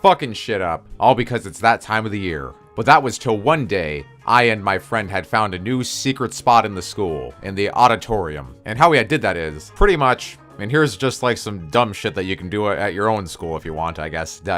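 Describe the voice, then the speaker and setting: A young man tells a story from his own life in a loose, profane way and keeps joking with mock-spooky asides. His voice sits on the low side, with faint music playing beneath him. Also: a bit bright. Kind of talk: casual story time.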